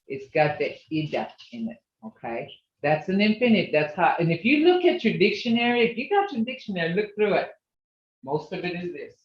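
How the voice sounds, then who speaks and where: A language teacher giving an online class, sounding out syllables one by one and often checking in with "okay?". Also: mid-range voice. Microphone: video call. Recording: roomy, dull video call audio.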